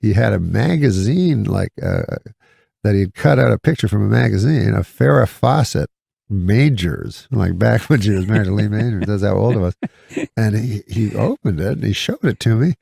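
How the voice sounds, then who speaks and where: A man with a very gravelly, fry-heavy voice tells a rambling anecdote, deadpan and halting, with small chuckles and restarts. His pitch sits fairly low, and the sound is close and dry. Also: no room sound. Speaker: comedian guest.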